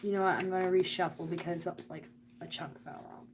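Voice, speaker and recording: A woman's voice: fairly low pitch, fairly even intonation, a little fast, background noise. A woman giving a live tarot and oracle card reading, speaking earnestly and directly to the viewer about spirit and energy.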